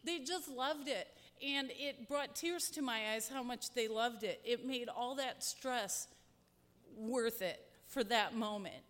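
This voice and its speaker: A woman's voice: fairly high pitch, slow pace, a bit bright. A woman speaking to a church congregation, heartfelt and rambling, with many fillers. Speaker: church ministry volunteer. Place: large church hall. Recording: long hall reverb, from a distance.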